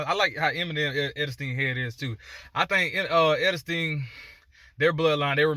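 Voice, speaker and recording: A man chats casually as a dog breeder, circling back with fillers and restarts. His voice sits a touch high and bright. The recording is close and dry, with no room sound. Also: no echo. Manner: conversational, many fillers and restarts. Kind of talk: casual opinion vlog.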